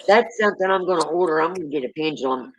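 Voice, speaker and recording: A woman's voice: low-pitched, expressive, very fast, poor audio. A middle-aged woman with a Southern accent, hosting a casual live chat and reading out viewer comments in a folksy, drawling way. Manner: folksy, drawling, calls people honey and y'all.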